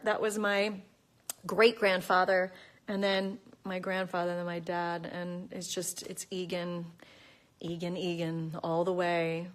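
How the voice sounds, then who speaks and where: A woman's voice: medium pitch, fairly bright tone. A woman chatting casually into her phone, reading out and answering fan questions in a bubbly way. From United States. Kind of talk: casual chat.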